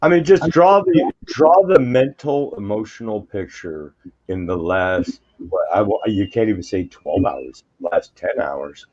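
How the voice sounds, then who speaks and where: A man's voice: on the low side, lively intonation, a little slow, darkish tone, no echo, lo-fi sound. A man in casual group chat, reacting to a livestream with blunt, crude and vivid mocking commentary.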